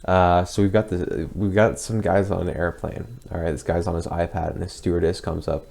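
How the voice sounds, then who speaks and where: A young man talking casually as he reacts to his own old video, hesitant and rambling, with lots of pauses and restarts. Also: low-pitched, level tone, gravelly, darkish tone. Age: young adult.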